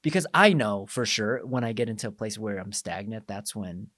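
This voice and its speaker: A man's voice: lowish voice, moderate pace, dry recording, clean studio sound. A man hosting a casual podcast conversation, telling coaching stories and acting out quoted exchanges. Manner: animated storyteller, acts out quoted exchanges.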